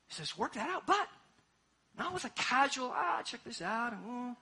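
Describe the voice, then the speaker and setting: A man preaching a sermon as pastor, impassioned, swinging between hushed asides and loud exhortation. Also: very high voice, big pitch swings, unhurried, husky.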